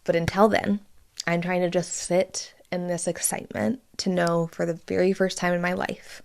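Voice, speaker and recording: A woman's voice: on the low side, little pitch movement, normal speed, vocal fry, a little mellow. A young woman hosting her own podcast, talking casually and candidly, close to tears and swearing freely as she shares news. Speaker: podcast host. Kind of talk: casual solo podcast update.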